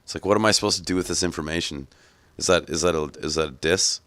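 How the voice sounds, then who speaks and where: A man with a deep voice giving casual gameplay commentary as a gaming channel host, rambling, joking and swearing freely. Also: fairly even intonation, fast, hardly any pauses, a bit bright, dry recording.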